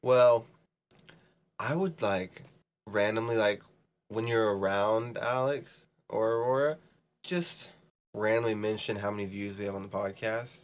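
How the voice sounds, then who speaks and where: A man's voice: fairly low pitch, a little slow, long pauses. A man co-hosting a podcast, chatting casually in a rambling, sarcastic way. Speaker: podcast co-host. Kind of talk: casual chat.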